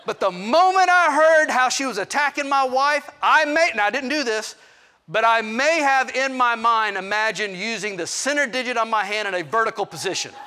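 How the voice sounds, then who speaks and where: A middle-aged man preaching by telling a story on himself, candid and ready to poke fun at his own faults. His voice sits high for a man and comes across bright and forward. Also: expressive, normal speed, smooth. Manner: candid, self-deprecating storytelling with asides. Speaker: pastor. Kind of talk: storytelling sermon.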